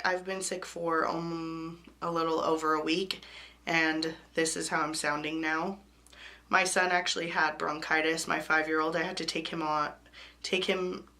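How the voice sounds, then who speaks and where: Casting note: young woman beauty vlogger, hoarse with a cold, slightly low voice, chatty and apologetic. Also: bright, forceful tone. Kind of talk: makeup tutorial talk.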